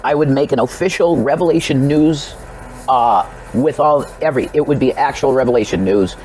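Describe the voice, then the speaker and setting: A man's voice: medium pitch, normal speed, a little mellow, a little hiss or hum, poor audio. Rambling man pleading to camera. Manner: rambling and repetitive, with frequent restarts and direct pleas to the viewer. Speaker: religious vlogger. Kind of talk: rambling personal vlog address.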